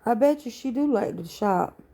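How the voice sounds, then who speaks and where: A woman's voice: on the high side, lively intonation, moderate pace, creaky, mellow. A woman hosting a casual live stream from home at night, sleepy and yawning, greeting viewers in a laid-back, profane way. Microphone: phone.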